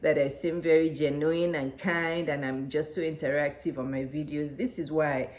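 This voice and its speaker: A middle-aged woman with a Nigerian accent coaches her viewers directly to camera. Her voice sits on the low side, and she speaks in an encouraging, hands-on way. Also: steady tone, normal speed. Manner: warm, encouraging, gestures while talking. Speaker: business coach.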